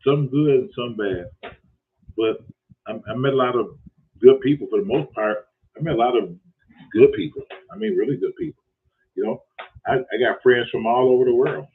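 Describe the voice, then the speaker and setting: A man's voice: mid-range voice, moderate pace, long pauses. A man tells a casual story in a rambling way, repeating himself and cussing freely. His voice sits in a middle range and sounds thin and tinny, like it is coming over a phone line. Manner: rambling, profane, repetitive. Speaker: show host.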